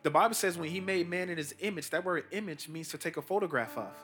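A man's voice: fast talker, a bit bright, faint music behind. A middle-aged man preaching a sermon with emphatic, rising delivery and casual slang. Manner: emphatic preaching that rises high on key points, casual slang. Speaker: pastor, team chaplain.

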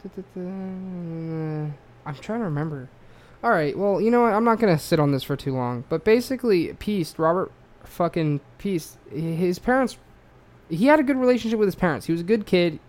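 An Australian man rambles loosely through a true-crime story, swearing often and leaning on fillers. He sounds animated, with a high-sitting, darkish voice at a normal speed.

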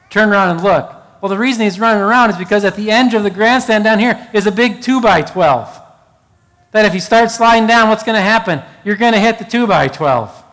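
High-voiced preaching man in a reverberant hall. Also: brisk, a bit bright. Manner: preaching with rising emphasis and storytelling asides. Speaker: pastor. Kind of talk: sermon.

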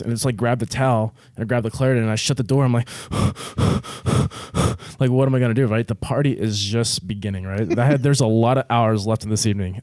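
A laid-back man tells a story in a relaxed, chatty way, cursing freely and laughing as he goes. His voice sits at an ordinary pitch, and the sound is dry and close. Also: a little fast, no echo. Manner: laid-back, profane, laughs often through his words. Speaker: military veteran guest telling a story. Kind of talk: casual storytelling on a podcast.

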